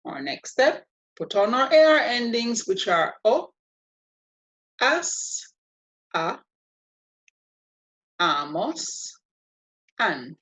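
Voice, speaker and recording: A woman teaching a language lesson, walking through each step with patient, playful explanations. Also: mid-range voice. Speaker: Spanish teacher. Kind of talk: slow, deliberate language lesson.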